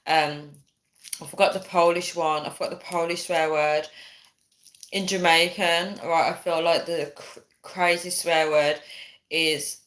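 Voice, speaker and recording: A woman's voice: on the low side, steady tone, unhurried, a bit bright. A young woman hosting a casual livestream, chatting with viewers, reading their comments aloud and laughing often. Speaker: livestream host. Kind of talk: casual live chat with viewers.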